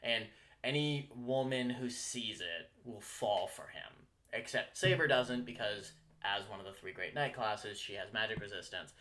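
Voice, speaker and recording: A man's voice: fairly low pitch, unhurried, sharp tone. A man co-hosting a podcast, chatting casually, swearing freely and laughing often in exasperated banter. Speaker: podcast co-host.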